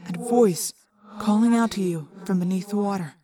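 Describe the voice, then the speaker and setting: A woman voicing a wry teenage boy trapped in a hawk's body, with dry, low-key joking, in a storybook reading. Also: normal speed, dark tone, distant mic, lightly acted. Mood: wry, tense.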